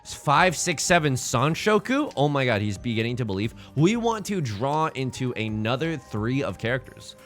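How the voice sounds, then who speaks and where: A young man live-streaming a tile game, bantering with chat in a rambling, jokey way and swinging between shouts and mutters. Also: mid-range voice, big pitch swings, moderate pace, few pauses, faint music behind.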